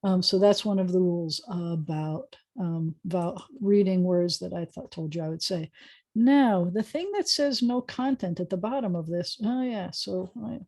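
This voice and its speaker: A woman's voice: lowish voice, normal speed, a little mellow. A woman rabbi teaching a beginners' Hebrew lesson over a video call, patiently sounding out words with chatty asides.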